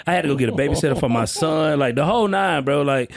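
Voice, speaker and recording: A man who trains salespeople, talking as a podcast guest in an energetic, slang-heavy, street-casual way on a close mic. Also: on the high side, fast, creaky. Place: on-site session at a roofing company.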